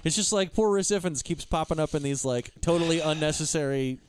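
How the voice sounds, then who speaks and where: A man in casual podcast chat, throwing in quick asides and questions. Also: on the high side, crowd noise.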